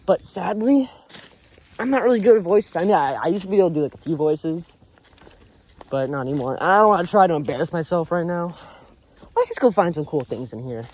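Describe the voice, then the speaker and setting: A young man vlogs on his phone during a woodland walk, offering a rambling, sincere pep talk full of crude slang. He has a fairly high, darkish voice with lively intonation, talking a little fast but leaving long pauses. Faint birds and insects can be heard around him.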